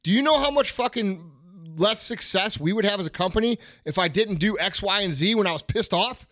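A man's voice: high-pitched, animated, brisk, fairly bright tone, no room sound, studio quality. A middle-aged man hosting a podcast, ranting bluntly and profanely in casual chat. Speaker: podcast host.

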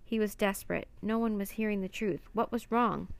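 A woman reading a children's adventure book aloud in a steady, even storybook manner. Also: mid-range voice, fairly quick, vocal fry.

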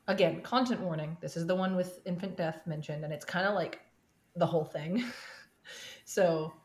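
A woman's voice: lowish voice, a little mellow. A woman co-hosting a podcast in casual chat, giggly and rambling off on tangents. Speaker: podcast co-host. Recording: roomy echo.

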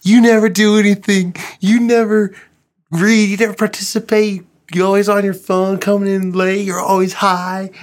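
A man voicing an angry male high school teacher who scolds and shouts at a student. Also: level tone, moderate pace, close to an everyday voice. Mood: furious scolding.

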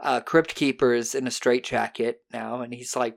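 Brief: casual podcast host, mid-pitched, lively recap with quick put-on voices, swears freely. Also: creaky. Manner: animated retelling with quick put-on character voices, profane.

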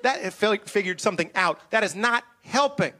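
A man doing a stand-up comedy set on stage, animated and self-mocking. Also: high-pitched, fairly quick. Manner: animated, self-mocking, slips into goofy voices. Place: comedy stage before a live audience.

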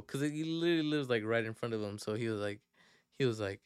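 A man's voice: mid-range voice, fast talker, clean tone, dry recording, studio quality. A young man hosting a podcast, telling a story casually in slang with lots of fillers and restarts. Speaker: podcast host.

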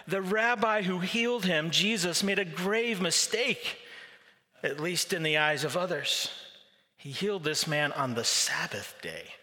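A man's voice: high voice, lively intonation, moderate pace, sharp tone. A male pastor preaching a sermon with vivid storytelling. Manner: vivid storytelling, acting out quoted voices. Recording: long reverb of a large hall.

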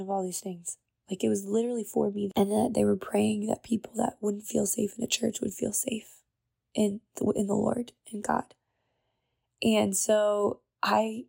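A woman's voice: mid-range voice, creaky, warm tone, husky, no room sound. A young woman host telling her personal testimony in an earnest, emotional way, with lots of "like". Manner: earnest, emotional, uses "like" often. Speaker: podcast host.

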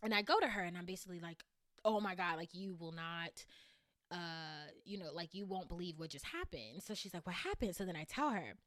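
A woman hosting a podcast, telling a personal story in animated casual chat and calling her listeners y'all. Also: on the low side, a little fast, no echo, studio quality. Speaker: podcast host.

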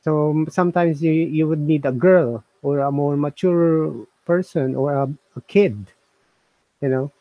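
Guy hosting a laid-back review chat, stop-start talk, a bit high, dead dry room. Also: no room sound, dull audio. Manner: halting, repeats words, often trails off. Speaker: host reviewing software. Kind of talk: casual chat.

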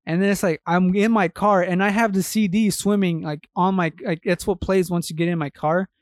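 A young man co-hosting a casual podcast, his voice a little higher than average. He rambles and strings his thoughts together with filler words, and the recording is dry and close. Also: steady tone, fairly quick, no echo. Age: young adult. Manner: rambling, heavy use of "like". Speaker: podcast co-host. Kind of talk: casual chat.

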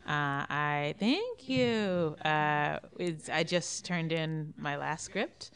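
A woman's voice: low-pitched, lively intonation, extremely slow, a bit bright, clear, resonant tone. A woman TV writer chatting as a guest on a live podcast, giggly and enthusiastic. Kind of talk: casual live podcast chat. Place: theater with live audience.

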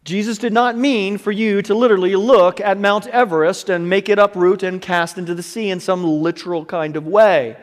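A man preaching a sermon as pastor, moving from hushed, whispered passages to loud, shouted exhortation. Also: sits high, steady tone, moderate pace, few pauses, long reverb tail.

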